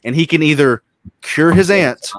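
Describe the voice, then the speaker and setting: A man's voice: a little high, normal speed, dry recording, studio quality. A man co-hosting a casual gaming stream, swearing freely and retelling story scenes with passion.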